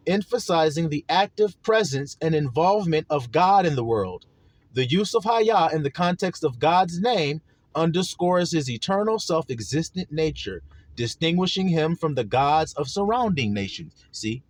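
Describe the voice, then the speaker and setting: A man's voice: on the high side, lively intonation, measured pace, no echo. A man giving sermon-style teaching, emphatic, drawing out key words and asking his listeners again and again if they see it. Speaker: religious teacher.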